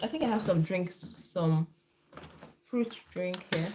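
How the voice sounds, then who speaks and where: A woman's voice: on the low side, slow, noisy background. A woman, a nurse and midwife, hosting a casual live health stream, chatty and repeating herself as she answers viewer comments.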